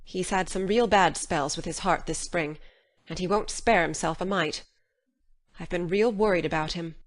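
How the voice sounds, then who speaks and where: A woman voicing a practical older countrywoman, stern but caring, speaking in a lowish, plain and matter-of-fact way. Her speech is homespun and measured, as in a radio drama. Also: natural voice. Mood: worried. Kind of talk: full-cast audiobook drama.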